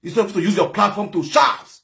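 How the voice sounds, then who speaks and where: Heated high-voiced Nigerian man ranting. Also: animated, fairly quick. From Edo State, Nigeria. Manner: heated, scolding, bursts into shouting. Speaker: social media commentator. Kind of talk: angry ranting monologue.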